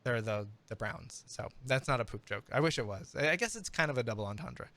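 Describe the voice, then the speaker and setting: A man's voice: mid-range voice, lively intonation, sharp tone. A man in his thirties running a tabletop game as game master, talking casually and rambling, often stopping to restart his sentences. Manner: rambling, halting, self-interrupting.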